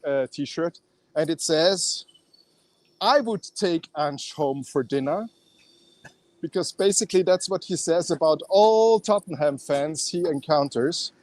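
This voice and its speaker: A man's voice: a little high, animated, measured pace, darkish tone, no room sound. A man with an Austrian accent chatting casually on a fan phone-in show, talking with many fillers and restarts. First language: German.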